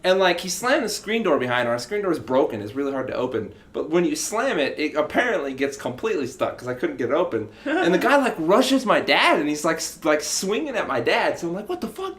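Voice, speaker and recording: Podcast co-host, male, slightly high-pitched, lively and profane anecdote teller, roomy echo. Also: fairly quick, hardly any pauses. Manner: animated, swears freely. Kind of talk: casual storytelling.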